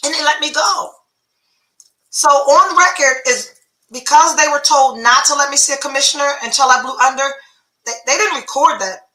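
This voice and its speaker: A woman's voice: high-pitched, moderate pace, sharp tone, echoey room, low-quality recording. A middle-aged woman, a podcast host candidly retelling a personal story, full of profanity and quoted dialogue.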